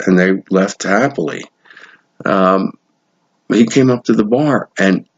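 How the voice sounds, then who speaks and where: A man telling a story in a casual monologue, animated and swearing now and then as he acts out what people said. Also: fairly low pitch, breathy edge. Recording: dull lo-fi sound.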